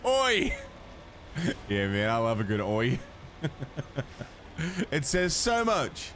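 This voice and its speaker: A man's voice: medium pitch, big pitch swings, very slow, fairly bright tone, a little hiss or hum. An Australian man chatting casually with his viewers as he streams a video game, swearing freely and reading out chat messages. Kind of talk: casual live gameplay commentary. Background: faint background music.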